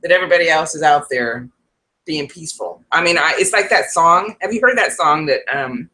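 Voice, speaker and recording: A woman's voice: low voice, lively intonation, brisk, bright, forceful tone. A woman hosting a casual live stream from home, chatty and laughing often between restarts. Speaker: psychic livestream host.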